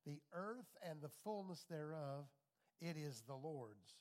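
Pastor, male, middle-aged, raised pitch, emphatic call-and-response preaching. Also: lively intonation, a little slow, darkish tone. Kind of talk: sermon.

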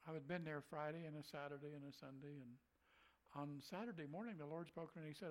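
A man's voice: a little high, quick pace, rough recording. Folksy preacher, a man with a raised voice. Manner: folksy, chuckling, acting out quotes. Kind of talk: telling a personal story in a conversation.

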